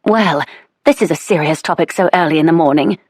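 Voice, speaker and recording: A woman's voice: sits low, brisk, breathy edge, no room sound, studio quality. A woman voicing a cheerful, chatty chaperone in a historical audiobook, chiming in lightly. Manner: bright, chiming.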